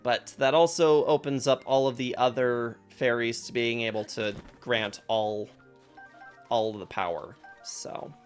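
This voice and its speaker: A male streamer chatting through his playthrough in a relaxed, thinking-aloud way, with plenty of fillers. His voice sits at a middle pitch, with faint game music behind. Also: unhurried. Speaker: gaming streamer. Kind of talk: casual live commentary.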